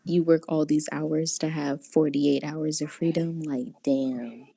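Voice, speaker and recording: A woman's voice: sits low, steady tone, gravelly, dark tone, husky, no echo. A woman co-hosting a podcast, reacting bluntly and wryly in casual chat. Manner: blunt, wry, quick reactions. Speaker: podcast co-host.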